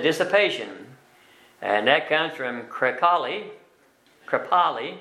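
An older man leading a Bible study class, explaining verses word by word in a plain, folksy way with many pauses and fillers. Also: mid-range voice, bright, forceful tone. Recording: echoey room.

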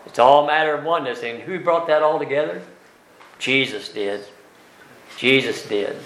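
A man teaching a Bible class, speaking slowly and deliberately with many fillers and tag questions, and reading scripture aloud with emphasis. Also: on the high side, fairly bright tone, reverberant, poor audio.

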